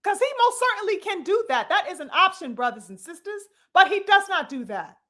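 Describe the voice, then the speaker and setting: A woman delivers heated boxing commentary in a high, bright voice. She hammers her points with profanity and calls out to her audience like a preacher. Her delivery stays emphatic and opinionated throughout. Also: very animated, brisk.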